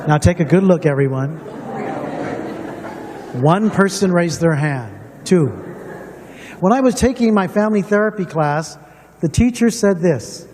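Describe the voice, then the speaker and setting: A man's voice: fairly high pitch, measured pace, darkish tone. Earnest man speaking in a reverberant hall. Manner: storytelling, personal and earnest, addressing the room. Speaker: symposium speaker. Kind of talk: reflective public talk to an audience. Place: large hall with long reverb. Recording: distant mic in a reverberant hall.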